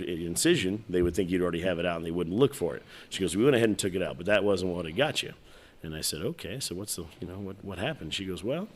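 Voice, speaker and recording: A man casually telling a long personal story as a podcast guest, rambling and acting out the dialogue. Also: low voice. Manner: rambling, full of restarts and quoted dialogue.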